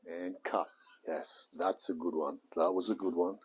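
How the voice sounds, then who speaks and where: A man's voice: deep voice, little pitch movement, unhurried, a little mellow, husky. An Australian man with a joking manner, chatting casually and muttering to himself as he streams his hobby car repair. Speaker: hobby mechanic and live streamer. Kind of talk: casual live-stream chat while working.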